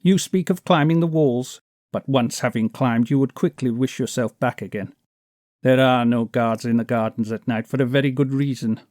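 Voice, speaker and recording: A man reading an audiobook, voicing a fat, boastful male kidnapper who talks loudly and mocks his listener. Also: mid-range voice, moderate pace, no echo, studio quality, close to an everyday voice. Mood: jeering. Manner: blustering, mocking, self-important.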